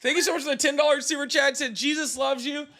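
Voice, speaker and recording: A man's voice: extremely high pitch, fairly even intonation, quick pace, sharp tone. A man hosting a live call-in stream, joking and laughing often, chatting casually with callers. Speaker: livestream host.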